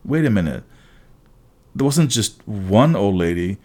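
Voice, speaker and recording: Low-voiced man reading a story aloud. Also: lively intonation, a little slow, mellow. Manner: occasional slips and restarts. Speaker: audiobook reader. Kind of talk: first-person story narration.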